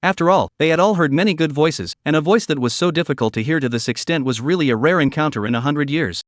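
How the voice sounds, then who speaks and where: Steady male recap narrator, fairly high. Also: fast, no room sound, clean studio sound. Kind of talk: scripted story narration.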